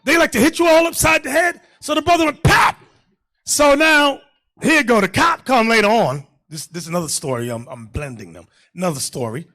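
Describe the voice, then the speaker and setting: A man teaching a class as a bishop, in animated sermon style, shouting and acting out the voices in his anecdotes. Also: very high-pitched, brisk.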